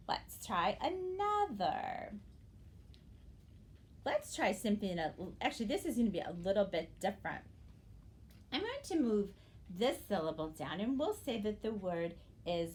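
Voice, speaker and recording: A woman teacher leading an early-grade phonics lesson, speaking to young students in an encouraging way and drawing out the words she models. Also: mid-range voice. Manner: slow, drawn-out modeling of words.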